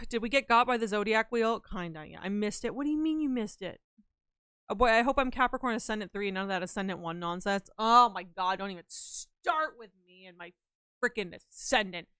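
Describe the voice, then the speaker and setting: Young woman, streamer, playful rambling chat, smooth clear voice, dry close sound. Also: medium pitch, expressive, fairly quick, a bit bright, dry recording. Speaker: livestreamer. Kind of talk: casual chat with live viewers.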